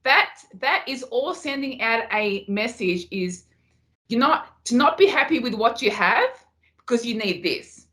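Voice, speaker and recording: Unhurried but lively in intonation, a woman with a slightly high, fairly bright voice talks as a guest on a casual podcast interview. She's a Muay Thai fighter who speaks with passion and repeats herself for emphasis.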